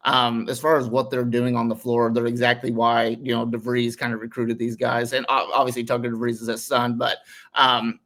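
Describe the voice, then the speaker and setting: A man's voice: mid-range voice, fairly bright tone. A man speaking as a guest analyst on a sports podcast, in casual chat that rambles with many fillers. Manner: rambling, heavy on "um" and "you know".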